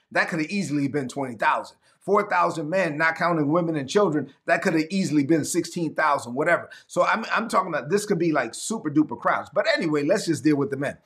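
A man's voice: fairly high pitch, fairly bright tone. A man preaching a sermon to a livestream audience, reading scripture and acting out Bible scenes in voices. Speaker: pastor.

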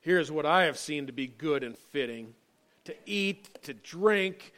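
A man's voice: a little high, animated, unhurried, a bit bright. A male pastor giving an earnest sermon, reading scripture and building to emphatic points with frequent fillers.

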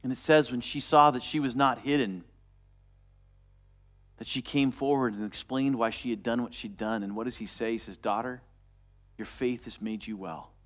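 A man preaching a sermon, retelling a story and dropping to a soft, quiet voice for quoted words. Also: mid-range voice, steady tone, normal speed. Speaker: pastor.

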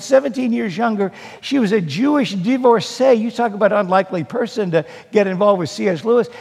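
An older male pastor delivers a sermon with dramatic storytelling, his voice high for a man and gravelly at the edges. He swings from forceful passages to hushed ones, and a long reverb trails his words through the hall.

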